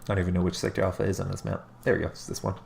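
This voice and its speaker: Low gravelly man, allergy-stuffed caster. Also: little pitch movement, very fast, darkish tone, a little hiss or hum. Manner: casual, musing, corrects himself mid-sentence. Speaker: game caster. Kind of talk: live play-by-play commentary on a strategy game replay.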